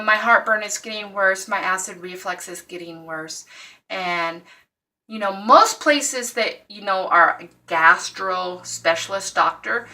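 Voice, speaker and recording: A woman vlogging about her recovery after surgery, telling her story in an exasperated, animated way and acting out the dialogue. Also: medium pitch, far from the mic. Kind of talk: casual personal vlog.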